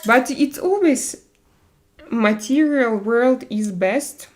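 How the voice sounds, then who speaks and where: A woman with a Russian accent, a native Russian speaker hosting a casual livestream and chatting with viewers in halting English full of fillers. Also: a little high. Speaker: livestream host.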